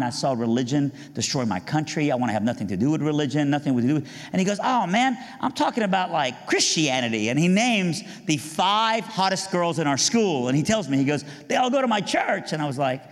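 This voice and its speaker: A middle-aged man from Iran gives a spoken testimony full of jokes, often leaping high to play other people's lines. His voice sits at a middle pitch and carries a long reverb from a large hall. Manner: animated, jokey, mimics voices, rises high for punchlines. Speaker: speaker giving a testimony. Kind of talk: storytelling testimony with humor.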